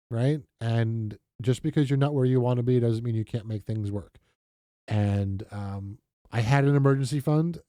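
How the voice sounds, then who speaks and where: A man talking casually through his budgeting software on screen, chatty and self-deprecating, with lots of fillers and restarts. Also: medium pitch, no room sound, studio quality. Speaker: budgeting vlogger. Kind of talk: casual screen-share walkthrough.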